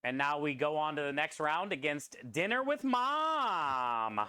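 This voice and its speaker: A man's voice: on the high side, sing-song, measured pace, bright, forceful tone, smooth, no echo. A man chatting casually on a live stream while he preps food in a food truck kitchen, rambling and answering chat. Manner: rambling, talks through prep and reads chat.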